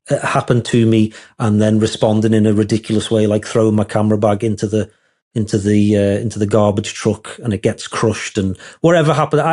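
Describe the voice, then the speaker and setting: A man's voice: on the low side, darkish tone. A man, a wedding photographer being interviewed, talking in a rambling, candid, self-deprecating way.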